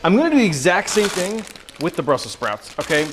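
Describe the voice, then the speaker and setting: A man's voice: high-pitched, big pitch swings, a little fast, background noise. A young man hosting a casual cooking livestream, joking and chatting with his viewers as he cooks. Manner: playful, joking, talks to chat viewers.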